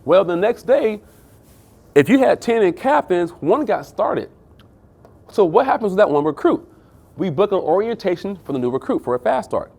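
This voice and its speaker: Guy running a hyped-up sales training, kinda high voice, keeps saying right? and man. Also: moderate pace, creaky. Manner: energetic, drops in "right?", "man" and "guys" to address the audience. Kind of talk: motivational sales training talk.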